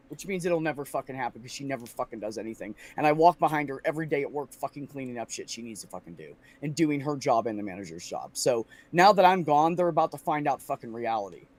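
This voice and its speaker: A frustrated man in casual podcast chat, telling a story with lots of swearing and mimicking the voices of the people in it. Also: fairly high pitch. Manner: venting, profane, animated storytelling.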